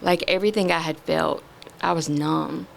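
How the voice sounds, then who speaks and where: A middle-aged woman, a podcast guest, sharing a candid personal testimony in an earnest, halting way with many pauses. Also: low-pitched, fairly even intonation, creaky, a little hiss or hum.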